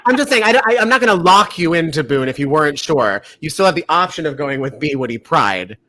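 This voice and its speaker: Animated man hosting a quiz game. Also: fairly high pitch, a little fast. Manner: playful, teasing quizmaster. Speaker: host. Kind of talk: game-show style hosting on a live stream.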